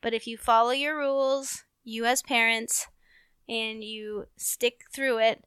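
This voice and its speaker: A woman co-hosting a podcast, a mother of a toddler, telling stories in an animated way and laughing often. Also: on the high side, takes it slowly, clean tone, no echo. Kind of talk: casual podcast chat.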